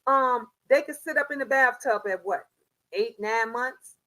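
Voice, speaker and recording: High-voiced older woman scolding on a livestream. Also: unhurried, poor audio. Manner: animated, scolding, slangy storytelling. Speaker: live-stream host. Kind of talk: live-stream chat with viewers.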